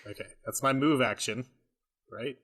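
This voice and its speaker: Bright-voiced, eager male player. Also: medium pitch, moderate pace. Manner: eager, chuckling, unsure. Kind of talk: casual tabletop play.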